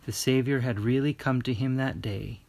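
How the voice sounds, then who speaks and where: A man narrating a storybook tale in a gentle, measured way. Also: mid-range voice, gravelly, background noise.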